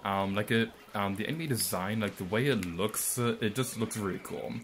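A man's voice: fairly low pitch, moderate pace, fairly bright tone, a little hiss or hum. A young man giving rambling, mildly sarcastic let's-play commentary, full of ums and asides. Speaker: gameplay commentator.

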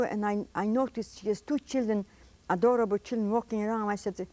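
Older woman with mellow, dry voice. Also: mid-range voice, steady tone, fairly quick, no room sound. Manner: emotional storytelling, reenacts her own pleas; non-native English grammar. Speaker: interviewee, Holocaust survivor. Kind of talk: oral history testimony. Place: indoors, interview setting.

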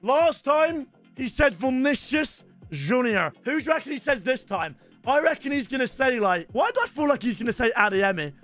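A young man, hosting a gaming channel in an excitable, bantering, chatty way. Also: very high-pitched, moderate pace, faint music behind. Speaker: video game channel host. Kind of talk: casual gaming commentary.

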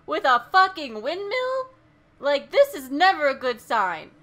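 A woman playing a horror game and reacting out loud, frightened, swearing, gasping and laughing nervously. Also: sits high, sing-song, a little slow. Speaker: let's play gamer.

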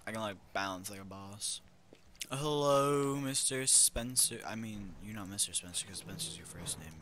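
Goofy young guy playing a game, super bright voice, mutters then yells. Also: low voice, fairly even intonation, brisk, slight background noise. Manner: goofy, jumps from mutters to loud outbursts. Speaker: gamer. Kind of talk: let's play commentary.

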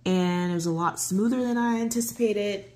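A middle-aged woman telling a travel story while she colors, rambling with lots of fillers and restarts, and getting excitable. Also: normal speed. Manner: excitable, voice jumps high when giddy. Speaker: coloring channel host. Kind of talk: casual chat while coloring.

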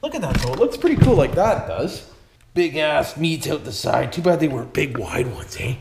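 A man's voice: on the high side, very animated, brisk, vocal fry. A Canadian man hosting his hobby channel, talking casually and joking as he works on a toy truck. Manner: folksy and joking, keeps saying "boys" and "why wouldn't we". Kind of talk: casual vlog narrating while working on an RC truck. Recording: echoey room with background noise.

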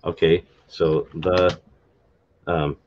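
A man with a very low voice talks through word endings on a live stream, pausing, restarting and spelling words letter by letter. The audio is dull and lo-fi, with keyboard typing behind him. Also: level tone, a little mellow, a little hiss or hum. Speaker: live stream host explaining a constructed language. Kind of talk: unscripted casual explanation.

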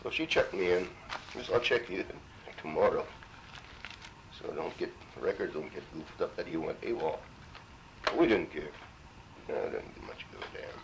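A man's voice: low-pitched, moderate pace, gravelly, long pauses, background noise. A man in his seventies from Minnesota, a war veteran telling his story in an oral history interview, salty and full of cursing. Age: 70s. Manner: salty, profane, animated storyteller.

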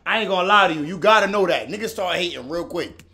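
A man hosting a reaction video, talking in casual slang and getting loud and excited as he comments. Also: fast. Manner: animated, slangy, pitch jumps and near-shouts when worked up. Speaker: reaction channel host.

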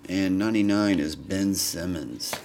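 A man's voice: low voice, measured pace. A man hosting a live card break in casual chat, tired and yawning, reading off players' names as he opens packs. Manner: chatty, reads names off cards, yawning. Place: indoor room at a camera. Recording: noisy stream recording.

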